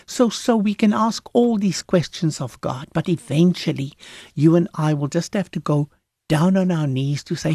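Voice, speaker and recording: A woman's voice: low voice, moderate pace, dark tone, no room sound, studio quality. A woman minister talking about faith in an earnest, emphatic way, often restarting her sentences as she preaches conversationally. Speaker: Christian minister, guest.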